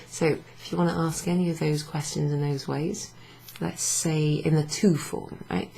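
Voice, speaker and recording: Low, gravelly tired woman teaching. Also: level tone, measured pace, mellow, poor audio. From Wales. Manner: explains patiently, writes on a board. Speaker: Italian language teacher. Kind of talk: casual classroom lesson.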